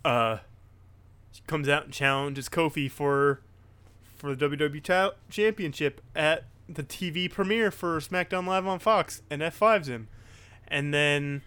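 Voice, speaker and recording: A man co-hosting a casual wrestling chat, excitable and rambling, with lots of restarts. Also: fairly high pitch, unhurried, smooth, no echo. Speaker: podcast co-host.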